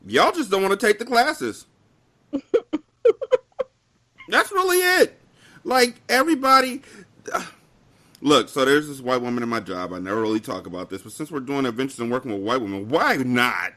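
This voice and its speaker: A young man co-hosting a podcast, telling a work story in casual chat with animated delivery and mock-formal phrasing. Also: mid-range voice, normal speed, pauses often. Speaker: podcast co-host.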